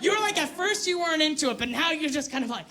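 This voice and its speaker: Woman in her 40s, stand-up comic; high, bright, brash and profane, working a club crowd on a stage mic. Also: animated, fast talker. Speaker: stand-up comedian. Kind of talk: stand-up comedy set.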